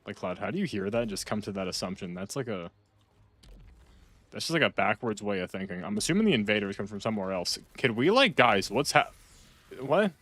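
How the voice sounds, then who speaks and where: A man chatting casually while playing a game, rambling and repeating himself, with sudden loud outbursts. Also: on the low side, sing-song, quick pace. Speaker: gaming streamer. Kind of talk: casual gameplay chat.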